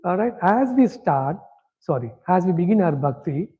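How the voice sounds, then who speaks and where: A man leads a scripture lesson in a relaxed, conversational way. His voice sits fairly high, and he keeps checking whether listeners are following. The recording is dull and lo-fi. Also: moderate pace. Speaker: scripture class teacher. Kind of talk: interactive lecture.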